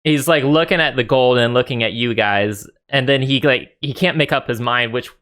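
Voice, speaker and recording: A man narrating as dungeon master in a tabletop game, relaxed with many fillers. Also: mid-range voice, moderate pace, smooth.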